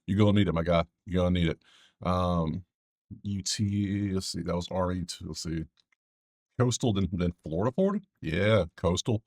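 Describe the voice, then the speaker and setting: A man's voice: low voice, normal speed, a little mellow, no room sound, studio quality. A man hosting a casual sports betting breakdown, rambling with joking asides to his viewers.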